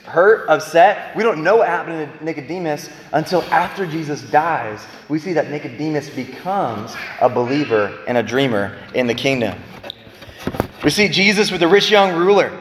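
A man giving a preaching-style Bible talk, emphatic, swinging between loud bursts and quiet low lines. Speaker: Bible teacher. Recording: echoey hall with long reverb.

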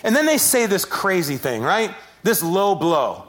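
A man preaching a sermon, telling stories with animated, self-deprecating humor. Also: high-pitched, measured pace, hardly any pauses. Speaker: pastor.

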